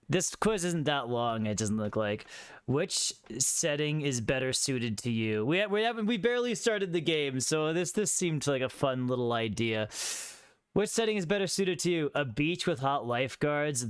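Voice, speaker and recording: A man's voice: medium pitch, fairly bright tone, clear, resonant tone, no echo, studio quality. A man streaming a game live, joking sarcastically as he reads quiz questions aloud and comments. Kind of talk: casual live gameplay commentary.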